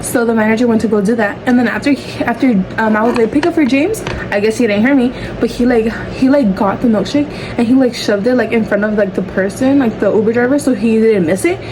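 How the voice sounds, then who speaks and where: A woman's voice: on the high side, fast talker, hardly any pauses. A teenage girl doing her makeup at home while telling a rambling, chatty story full of fillers, as a get-ready-with-me vlog. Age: teens. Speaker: vlogger. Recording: steady background noise.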